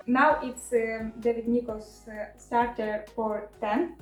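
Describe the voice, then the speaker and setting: A woman's voice: a little high, fairly even intonation, slow, roomy sound, soft background music, low-quality recording. A woman with chatting casually in a book haul video, emotional and laughing often with many fillers. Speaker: book vlogger.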